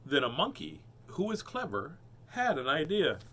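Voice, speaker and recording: Lively, joking man reading picture books. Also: fairly high pitch, normal speed. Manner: jokey, punning, animated asides. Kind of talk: playful storybook read-aloud.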